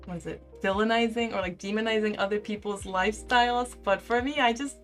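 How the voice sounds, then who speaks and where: A young woman in her twenties, a live-streamer, chatting casually and reading out viewer comments in an animated way. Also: mid-range voice, fairly quick, faint music behind. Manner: chatty and animated, heavy use of "like".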